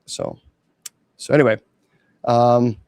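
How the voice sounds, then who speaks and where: A man's voice: mid-range voice, wildly swooping pitch, slow pace, vocal fry, darkish tone, dry recording, clean studio sound. A man who is a clergyman hosting his own show, talking casually and defiantly to viewers about online trolls. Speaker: host and clergyman. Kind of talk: casual livestream talk.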